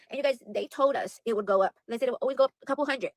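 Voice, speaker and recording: A woman's voice: a little high, racing, hardly any pauses, no echo. A woman livestreaming casual chat to her viewers, rambling and exasperated, repeating herself as she talks. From United States. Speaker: livestream host.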